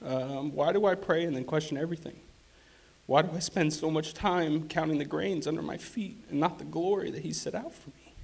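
Guy telling his church testimony, kinda high voice, earnest, lots of ums and restarts. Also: vocal fry. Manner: earnest, halting with fillers and restarts. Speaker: church member giving testimony.

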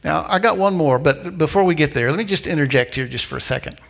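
A man preaching a sermon as a pastor, telling a story with lively acted-out voices and repeating key lines slowly for emphasis. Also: fairly high pitch, gravelly. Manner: animated storytelling, acting out voices of people in the story.

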